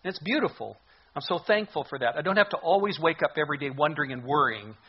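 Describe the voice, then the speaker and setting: Husky man preaching a sermon. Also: a little high, expressive, fast talker, lo-fi sound. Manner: earnest, emphatic preaching with repetitions. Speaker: pastor.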